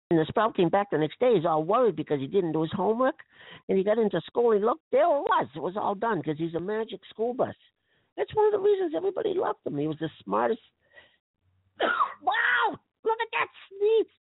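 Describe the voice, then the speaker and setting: A man playing an earnest tween boy bean in a children's radio play, who talks in an excitable, stammering way. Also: sits high, creaky, full character voice. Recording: tinny lo-fi radio with hiss.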